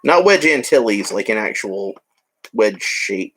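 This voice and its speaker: Low, laid-back guy chatting through a toy build, wandering off into jokes. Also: very animated, unhurried, fairly bright tone, slight background noise. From United States. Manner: chatty, rambling, joking asides. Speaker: hobby vlogger. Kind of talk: casual narration while building a toy set.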